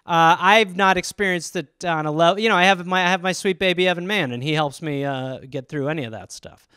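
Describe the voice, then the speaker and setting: A man hosting a comedy podcast, riffing alone in a rambling, profane, animated way. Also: high voice, fairly quick, smooth, no room sound, studio quality.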